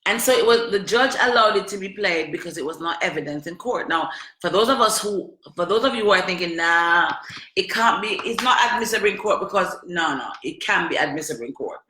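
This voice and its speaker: A woman's voice: on the low side, animated, fast talker, sharp tone. A woman telling her own story to camera in an emphatic, repetitive, chatty way. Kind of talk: emotional personal testimony to camera. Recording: echoey room.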